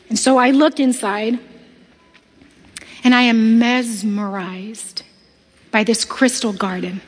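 Delivering a sermon at an unhurried pace, this woman speaks with a fairly high pitch, and the room sounds large. She recounts something from her own life and animatedly performs the quoted voices of each person involved.

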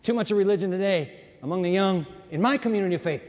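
Man preaching a sermon, high voice, punchy asides between bible readings. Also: quick pace, hardly any pauses. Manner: emphatic, animated, mixes Bible reading with pointed asides. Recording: long reverb of a large hall.

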